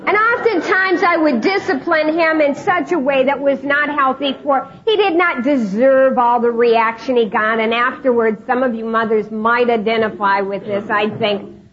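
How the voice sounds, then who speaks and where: A woman's voice: high-pitched, moderate pace. A middle-aged woman speaking to an audience, telling a personal story, acting out the dialogue and laughing often. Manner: acts out dialogue in lively voices, laughs often. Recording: dull lo-fi recording with faint noise.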